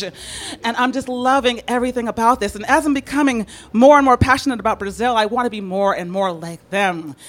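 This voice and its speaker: A woman of middle pitch tells a personal story with plenty of energy. She is from San Francisco, laughs often, and slips into quick voices for the people she quotes. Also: fairly bright tone. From San Francisco, United States.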